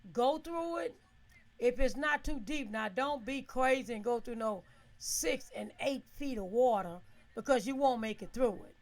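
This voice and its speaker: A woman telling a story in a casual, animated way. She laughs often, keeps checking in with her listeners, and acts out her own shouts. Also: sits high, gravelly.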